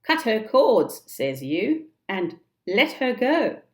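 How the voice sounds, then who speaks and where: Storybook pirate crewman, gruff and grumbling, put on by a woman reader. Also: mid-range voice, very animated, slow, reverberant, voice pushed up. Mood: protesting.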